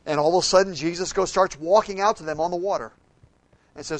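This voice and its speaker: Animated preacher man, dry close sound. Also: high-pitched, fast, no echo. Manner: animated storytelling with acted-out quotes, swings between loud and soft. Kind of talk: sermon.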